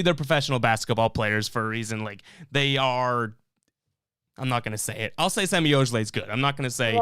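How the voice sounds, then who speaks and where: A man's voice: mid-range voice, fairly bright tone, clear, resonant tone, dry recording, studio quality. A man hosting a live sports fan stream, reading chat comments and ranting in a fired-up, rambling way with lots of restarts.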